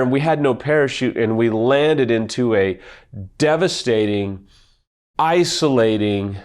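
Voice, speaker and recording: A man speaking as an affair recovery expert in a video talk, earnest and emphatic, telling a personal story. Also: medium pitch.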